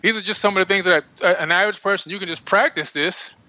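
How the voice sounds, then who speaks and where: Earnest man with a bright voice. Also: sits high, fast talker, no room sound. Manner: earnest, emphatic, preaching self-empowerment. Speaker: radio show guest. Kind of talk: casual radio interview. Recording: dull lo-fi radio audio.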